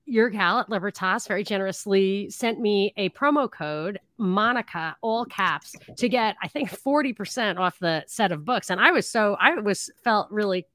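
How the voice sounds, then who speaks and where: A woman's voice: medium pitch, normal speed, few pauses, fairly bright tone, no echo. Rambling woman host, dry sound. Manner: rambling, many restarts and fillers. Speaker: podcast host. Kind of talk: casual interview chat.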